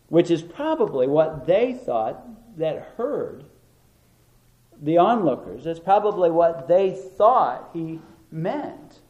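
A man preaching a sermon in a deliberate, emphatic way, repeating words to stress them. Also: a little high, big pitch swings, mellow, lo-fi sound. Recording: roomy echo.

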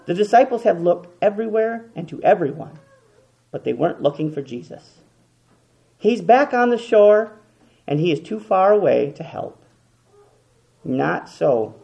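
A man preaching a sermon, impassioned, swinging between loud and hushed, repeating words as he goes. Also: high voice, vocal fry.

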